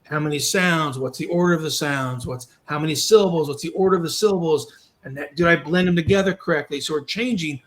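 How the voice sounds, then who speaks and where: A man hosting a podcast, explaining reading steps in a quick, encouraging, coaching way. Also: a little high, fairly bright tone. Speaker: podcast host and reading instructor. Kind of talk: conversational coaching.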